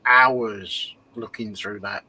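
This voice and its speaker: A man co-hosting a casual livestream chat, relaxed, mostly giving short replies. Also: fairly low pitch, slow pace, breathy edge, poor audio. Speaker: livestream co-host.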